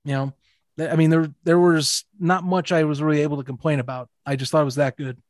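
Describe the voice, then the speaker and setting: A man's voice: on the high side, steady tone, fast, a little mellow, no echo, studio quality. A man co-hosting a casual sports podcast, talking hesitantly with lots of restarts. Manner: hesitant, many restarts and fillers. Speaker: podcast co-host.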